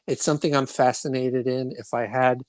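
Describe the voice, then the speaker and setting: A man from Brooklyn co-hosting a laid-back podcast, talking at a middling pitch. He rambles, restarts his sentences and throws in irreverent jokes. The sound is close and dry, with no room around it. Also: flat delivery, fairly quick, a little mellow, dry recording. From Brooklyn, New York. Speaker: podcast co-host. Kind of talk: casual podcast chat.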